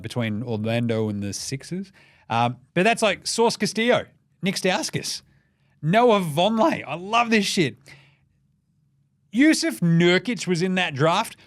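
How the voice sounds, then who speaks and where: A young Australian man runs through the night's basketball scores in a loose, sweary, rambling way. His voice sits a little high, and it comes across dry and close with no room sound. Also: no room sound. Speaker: NBA recap podcast host. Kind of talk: casual sports recap.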